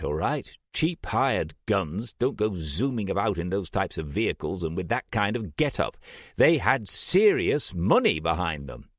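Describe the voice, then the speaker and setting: A man's voice: lowish voice, dry recording, studio quality, pitched above the performer's own voice. A man voicing a brash young man who argues and boasts defensively. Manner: cocky, argumentative.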